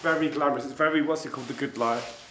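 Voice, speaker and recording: A man's voice: medium pitch, fairly even intonation, fast talker, pushed and bright, a little hiss or hum. A man and band frontman chatting casually in a recording studio, camp and sardonic, full of dry wisecracks.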